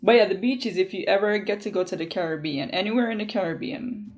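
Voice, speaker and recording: A young woman from Jamaica with a Jamaican accent, chatting casually to camera in an animated way and laughing often. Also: mid-range voice, fast talker, soft background music. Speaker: vlogger.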